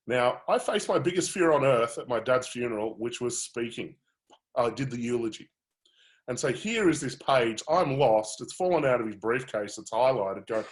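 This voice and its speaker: A man coaching through a live webinar, telling his own story in a candid, animated way. His voice sits at an ordinary middle pitch, and he talks with plenty of fillers and restarts. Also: normal speed.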